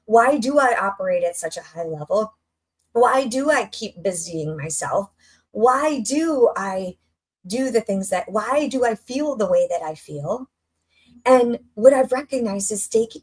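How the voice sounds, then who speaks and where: A middle-aged woman coach giving an energetic, conversational motivational talk, full of rhetorical questions and repetition. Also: fairly high pitch, a little slow, husky.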